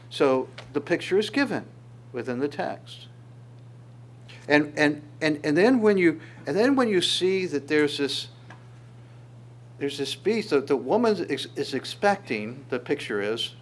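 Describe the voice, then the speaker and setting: A man preaching a sermon in an animated way, often repeating words and acting out quoted lines, with an occasional chuckle. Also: mid-range voice, a little hiss or hum. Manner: chuckles now and then.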